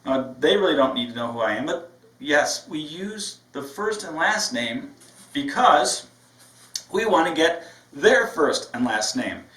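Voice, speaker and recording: A man's voice: fairly high pitch, big pitch swings, measured pace, a bit bright. Male owner as trainer. Upbeat, conversational lecture style, distant from the mic in a roomy space. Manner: upbeat, conversational, often asks "right?". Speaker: business owner training staff. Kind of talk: training lecture with phone role-play. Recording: echoey room, mic far off.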